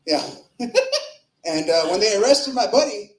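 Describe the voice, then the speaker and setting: Male stand-up, high voice, crude rambling open mic delivery, roomy club sound. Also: animated, unhurried. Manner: crude, rambling delivery with fillers and shifting volume. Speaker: stand-up comedian. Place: comedy club with live audience.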